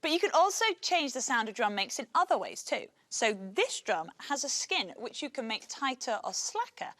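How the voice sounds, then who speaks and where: A woman presenting a children's science lesson in an upbeat, clear way. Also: fairly high pitch, very animated, normal speed, a bit bright, no echo. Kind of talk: scripted science lesson for kids. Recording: music playing behind the voice.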